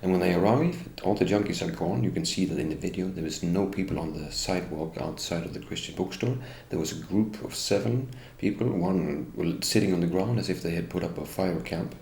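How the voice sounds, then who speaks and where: A middle-aged man speaks English in a very low, gravelly voice. He tells his account with bitter indignation and keeps turning to accuse the people he blames. The sound is roomy and echoey, with faint ambience behind him. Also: brisk, hardly any pauses, darkish tone. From Norway. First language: Norwegian. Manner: indignant, bitter, addresses the police directly. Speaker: interviewee. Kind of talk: first-person account.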